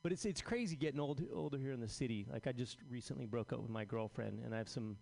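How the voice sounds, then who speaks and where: A man in his forties doing a deadpan, self-deprecating stand-up set on a club stage. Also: mid-range voice, fast, vocal fry. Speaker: stand-up comedian.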